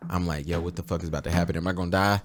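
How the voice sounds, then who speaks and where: A man hosting a podcast, telling stories in a casual, profane, animated way and acting out the people he quotes. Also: sits low, very fast. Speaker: podcast host. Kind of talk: casual storytelling chat.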